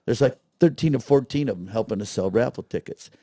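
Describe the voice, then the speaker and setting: A man's voice: mid-range voice, quick pace, no room sound, studio quality. A middle-aged man, telling stories in a casual interview and acting out the voices of people he quotes. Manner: animated storyteller, acts out quotes. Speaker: guest, festival director.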